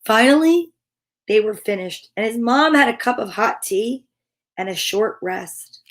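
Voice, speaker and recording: A woman hosting a children's storytime, reading a picture book aloud in an animated, encouraging way. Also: a little high, unhurried.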